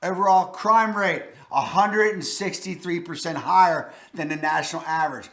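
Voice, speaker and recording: This Maryland man in his forties, who speaks with a Baltimore accent, hosts real estate videos. Recorded in an echoey room, he casually counts down places to live in a blunt, folksy style, his fairly high voice somewhat bright at a moderate pace.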